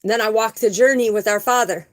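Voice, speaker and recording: Fast and on the high side, this woman's voice comes through poor audio. As a spiritual vlogger, she shares a personal testimony in an earnest, emphatic, casual spiritual talk, often saying things again for emphasis.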